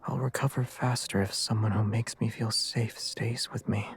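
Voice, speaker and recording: A man's voice: on the low side, fairly even intonation, normal speed, faint music behind. A man voicing a feverish, clingy young man in a game, in whispered role-play. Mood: pleading. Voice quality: breathy whisper.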